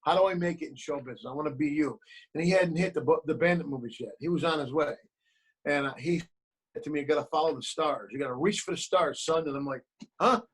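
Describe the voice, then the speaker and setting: Guy on a video call telling stories and doing little voices, kinda high pitched. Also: fast talker, husky, low-quality recording. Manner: animated storyteller, acts out quoted voices. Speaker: actor and producer, guest. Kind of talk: remote interview, storytelling advice.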